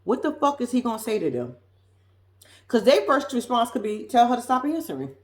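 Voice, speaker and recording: A sassy woman recaps a reality show in casual commentary, blunt and profane. Her fairly high voice swings widely in pitch, and she sounds like she is in an echoey room. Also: big pitch swings, fairly quick.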